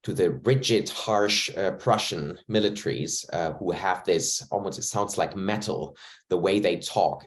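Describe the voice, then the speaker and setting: A man, an actor reflecting at length in an interview over a video call, choosing his words carefully. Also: low voice. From Germany. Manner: thoughtful, searching for words, measured.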